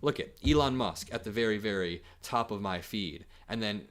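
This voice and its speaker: A man hosting a livestream, reacting to clips and posts in an energetic, joking way and laughing often. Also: on the low side, normal speed. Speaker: political commentary streamer.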